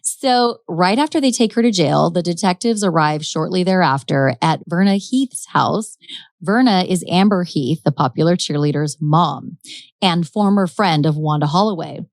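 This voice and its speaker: A woman's voice: on the low side, lively intonation, moderate pace, dry recording. Chatty woman telling a crime story. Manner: chatty, laughing, dramatic retelling. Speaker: podcast host. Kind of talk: casual true-crime storytelling.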